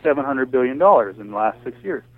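A man's voice: mid-range voice, expressive, quick pace. An American man talking passionately in a casual call conversation, ranting with lots of restarts and fillers. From United States. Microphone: phone or voice call. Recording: tinny phone line, dry.

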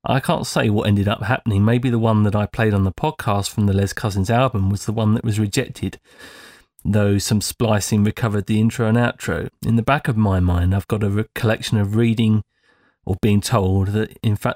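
Rambling low-voiced male podcast host. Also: a little mellow, no room sound, clean studio sound. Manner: rambling, self-deprecating, hesitant with fillers. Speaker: podcast host reading listener feedback. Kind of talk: casual podcast monologue.

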